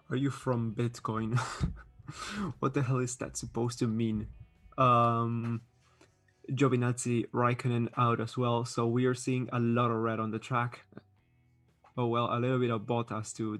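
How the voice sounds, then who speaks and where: A man's voice: mid-range voice, flat delivery, moderate pace, a bit bright, faint music behind. A man hosting a live stream, reading chat aloud and chatting casually; English is not his first language, and he talks with many fillers and restarts. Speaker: livestream host reading chat.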